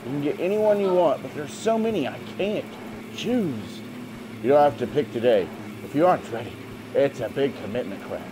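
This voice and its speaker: A man's voice: mid-range voice, expressive, moderate pace, noisy background. Jumpy jokey male game commentator. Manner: jumpy, jokey, talks to himself. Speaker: gamer. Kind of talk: let's play commentary.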